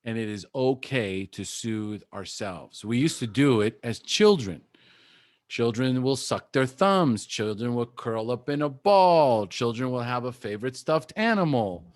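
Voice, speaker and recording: A man coaching a recovery group, talking gently and softly demonstrating soothing self-talk. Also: mid-range voice, animated, a little slow.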